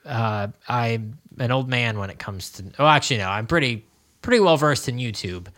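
A young man with a bright, forceful voice, co-hosting a podcast. He talks casually and rambles, with jokes along the way. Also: medium pitch, lively intonation, normal speed. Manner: rambling, jokey, laughs often. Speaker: podcast co-host. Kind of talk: casual chat.

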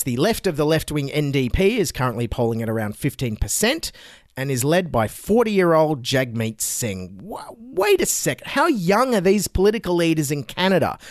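A man's voice: fairly high pitch, dry recording, studio quality. A man hosting a comedy news show, delivering satirical political commentary in a sarcastic, mocking tone.

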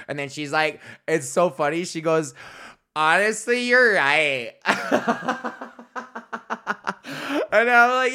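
A man's voice: on the high side, expressive, a little slow, pushed and bright. Swearing, rambling male comedian podcaster. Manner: rambling, swears constantly, laughs at own jokes, acts out voices in stories. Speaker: podcast host, stand-up comedian. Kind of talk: casual profane storytelling monologue.

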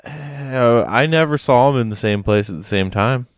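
A man co-hosting a podcast, chatting casually and making absurd deadpan jokes. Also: medium pitch, moderate pace, no room sound, clean studio sound. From United States. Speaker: podcast co-host. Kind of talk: casual chat.

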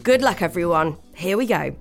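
British woman, podcast host, bubbly, lively voice, faint music under it. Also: lowish voice, moderate pace, vocal fry. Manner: bubbly, laughs often. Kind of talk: casual podcast chat.

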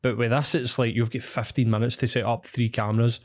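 A man with a Glasgow accent, co-hosting a podcast in casual, sweary, animated banter. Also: mid-range voice, brisk. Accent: Scottish, Glasgow. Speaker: podcast co-host.

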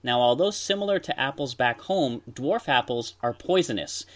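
A man's voice: mid-range voice, animated, moderate pace. A man who hosts a podcast, casually telling history stories with asides to his co-host. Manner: storytelling, explains history with asides. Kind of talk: casual chat.

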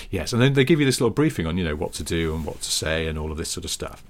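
A man with a lowish voice co-hosts a chatty podcast. He tells stories with dry, teasing humour in a relaxed, conversational way. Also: rapid-fire, few pauses. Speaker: podcast co-host. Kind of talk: casual chat.

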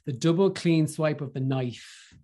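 An Irish man, a podcast guest, chatting in an animated, gushing way and stumbling over his words as he gets excited. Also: on the high side, a little slow. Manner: gushing and animated, with lots of restarts. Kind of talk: casual film review chat.

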